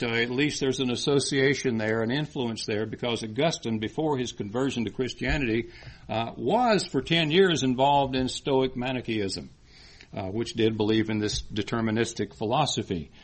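A man delivering a sermon with an earnest, explanatory manner. He circles back over his phrases and rises in force when he quotes scripture. His voice sits at an ordinary middle pitch. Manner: earnest, repeats and restarts phrases, rising emphasis on scripture. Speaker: preacher.

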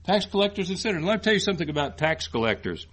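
A man's voice: high voice, very animated, racing, a bit bright. A man preaching a sermon in an earnest teaching manner, often repeating phrases and lifting his voice on scripture quotes.

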